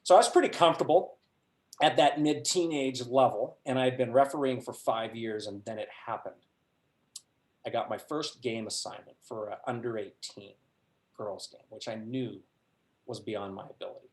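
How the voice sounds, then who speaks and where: A middle-aged man presenting a workshop, telling a personal anecdote to a group with animated delivery and frequent laughs. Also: mid-range voice, normal speed. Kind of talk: storytelling talk to a group. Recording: roomy echo.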